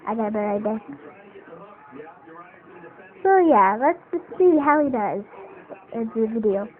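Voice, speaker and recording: A woman's voice: a little high, animated, a little slow, long pauses. A woman talking casually and playfully, poking fun at herself while showing a homemade puppet. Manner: playful, self-mocking. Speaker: puppet maker. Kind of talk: casual homemade craft video. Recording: tinny phone-like audio, faint noise.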